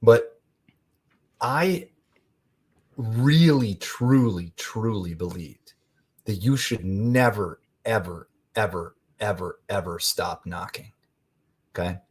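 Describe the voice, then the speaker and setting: A man, a podcast guest, telling a rambling, animated story in casual conversation. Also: fairly low pitch, takes it slowly, pauses often, husky.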